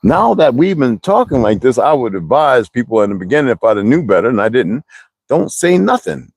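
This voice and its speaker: A man's voice: mid-range voice, brisk, vocal fry, husky, no echo. A man talking on a livestream, preaching in a rambling, wandering way and reading out viewer comments. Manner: animated, preachy, digressive.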